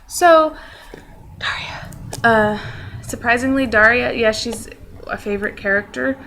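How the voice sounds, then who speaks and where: A woman's voice: fairly high pitch, normal speed, a bit bright, a little hiss or hum, poor audio. A young woman chatting casually in a vlog, rambling with lots of fillers and poking fun at herself. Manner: self-deprecating. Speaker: vlogger. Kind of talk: casual chat.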